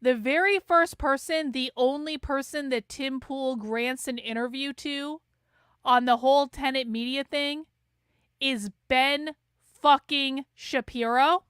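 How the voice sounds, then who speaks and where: Bright high-voiced woman ranting. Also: steady tone, slow pace, no echo, studio quality. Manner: loud, profane, sarcastic. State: voice strained from yelling. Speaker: show host. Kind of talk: live reaction commentary.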